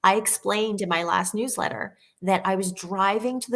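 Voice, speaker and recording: A woman's voice: mid-range voice, moderate pace, few pauses, a bit bright. A woman author as a guest on a live video chat, talking earnestly with many fillers and telling stories with animation.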